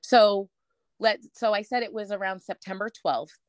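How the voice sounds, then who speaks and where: A woman telling a personal story as an interview guest, animated, acting out the voices of the people she quotes, with lots of "like". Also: mid-range voice, normal speed, dry recording, studio quality. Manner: frequent "like" fillers.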